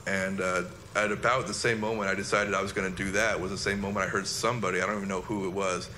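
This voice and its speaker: Guy slowly telling a war memory, kinda low voice, bright edge to it, stops and restarts a lot. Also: little pitch movement, slight background noise. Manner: halting, reflective storytelling. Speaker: former soldier recounting an incident. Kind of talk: personal recollection monologue.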